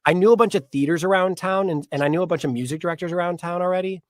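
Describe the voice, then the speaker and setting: Man in an interview, lively storytelling voice, pitched a bit high, close and dry. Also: rapid-fire, dry recording. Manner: animated, acts out quoted dialogue. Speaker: guest, pianist and actor.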